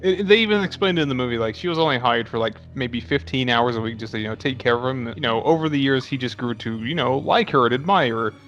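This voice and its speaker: A man co-hosting a casual movie podcast, talking rapidly with lots of filler words and casual swearing. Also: mid-range voice, a bit bright, dull audio, soft background music. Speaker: podcast co-host. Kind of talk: casual movie chat over beers.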